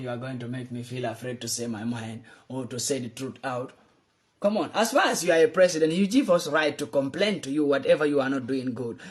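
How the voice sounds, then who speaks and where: High-voiced angry man. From Gambia. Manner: angry, accusing, repeatedly addressing the president. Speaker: political commentator. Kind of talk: impassioned political rant.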